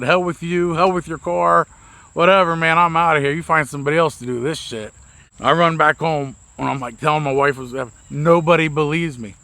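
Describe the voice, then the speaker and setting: Gravelly man telling a profane story. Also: fairly high pitch, sharp tone, dry recording. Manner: rambling, profane, self-mocking storyteller. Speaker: vlogger, mobile mechanic. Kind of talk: casual storytelling to camera.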